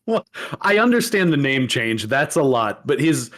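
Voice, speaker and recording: A man co-hosting a podcast in casual chat, reacting in an animated way, laughing easily and swearing freely. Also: mid-range voice, moderate pace. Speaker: podcast co-host.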